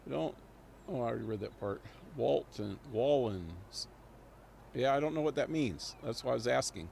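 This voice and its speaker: A man's voice: mid-range voice, lively intonation, moderate pace, creaky, a little mellow, slight background noise. A man live-streaming a video game, rambling and thinking aloud with chuckles. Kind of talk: live gameplay commentary.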